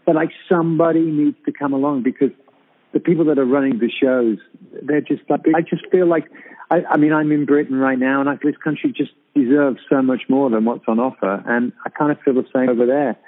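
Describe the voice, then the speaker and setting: A man in casual radio chat, heard over a thin, phone-like line. He talks haltingly, circling back with fillers and restarts. His pitch sits in the middle range. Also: fairly even intonation. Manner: hesitant, with many fillers and restarts. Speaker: guest on a radio show. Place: abroad in Britain, calling in.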